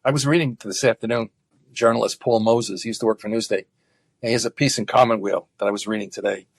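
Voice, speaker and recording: A low, gravelly man's voice. He talks earnestly in an interview, pausing on fillers and restarting his sentences. The sound is dry and close. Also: steady tone, no echo. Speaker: guest activist. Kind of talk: conversational interview.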